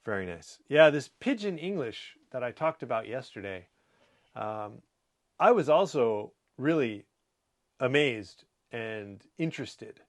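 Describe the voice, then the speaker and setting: A man hosting a show, casually reading viewer comments aloud and chatting about them in a relaxed way. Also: a little slow. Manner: breaks into playful high scolding voices. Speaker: host.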